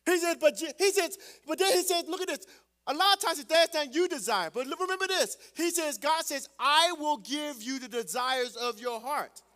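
A man preaching a sermon as pastor, calling out to the congregation and swelling loud on scripture. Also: very high voice, normal speed.

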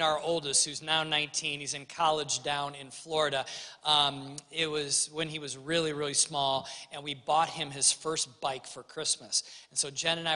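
Animated preacher in a reverberant hall. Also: male voice, fairly high pitch. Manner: animated storyteller acting out voices. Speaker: pastor. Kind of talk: sermon.

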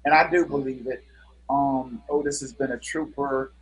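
A man's voice: medium pitch, steady tone, moderate pace, rough recording. A middle-aged man, a guest musician, telling stories in a casual interview with an earnest manner and many fillers.

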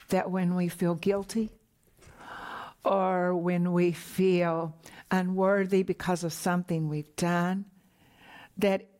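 A middle-aged woman minister preaching a sermon, slow and emphatic, sometimes dropping to a whisper for key points. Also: lowish voice, darkish tone.

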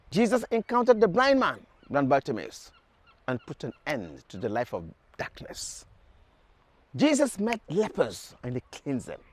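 A man's voice: high voice, a little mellow. A man leading a televised prayer sermon, urging viewers with fervent repeated calls. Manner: fervent, repetitive exhortations to the viewer. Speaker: preacher.

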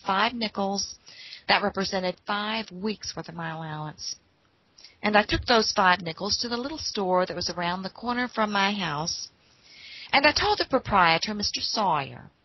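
Husky woman telling a folksy story. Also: mid-range voice, dull audio. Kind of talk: told personal story.

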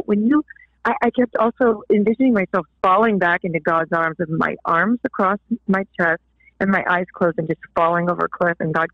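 A woman's voice: a little high, no room sound. Woman, earnest heartfelt testimony, tinny phone-line sound, dry. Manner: earnest, tearful at times. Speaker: guest author. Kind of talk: emotional personal testimony.

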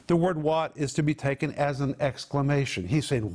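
A man's voice: on the high side, normal speed, few pauses, a little mellow. A man teaching the Bible on a program, emphatically explaining Greek and Hebrew words.

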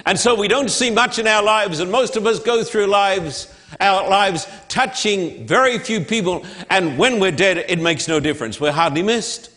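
A man's voice: high voice, fairly bright tone. A man preaching a sermon in church, with an emphatic, repetitive cadence. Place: church sanctuary. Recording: long hall reverb.

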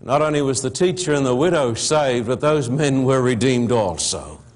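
A man's voice: mid-range voice, lively intonation, normal speed, darkish tone. A male pastor, giving a sermon and appealing directly to his listeners.

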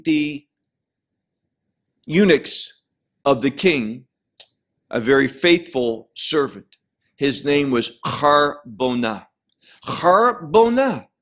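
A man's voice: on the high side, fairly bright tone. A man teaching verse by verse through a Bible chapter, stressing each point and explaining Hebrew words.

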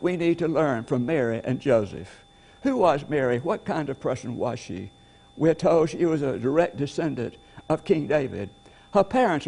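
A man delivers a sermon with a gravelly, rough edge to his voice that sits a little higher than most men's. He speaks earnestly, slowing right down to lean on the phrases he wants to land. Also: darkish tone. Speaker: preacher.

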